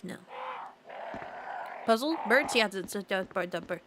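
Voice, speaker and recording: A woman's voice: medium pitch, lively intonation, normal speed, background noise. A young woman streaming a game, chatting casually with her viewers, giggling often and drifting off topic as she reads their comments aloud. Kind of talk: casual live-stream chat while playing.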